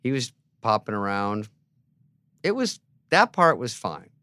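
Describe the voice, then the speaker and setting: A man in his fifties, a comedian guest, telling a story in a sarcastic, deadpan way and acting out other people's lines. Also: fairly low pitch, a little slow, no echo. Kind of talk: casual storytelling chat.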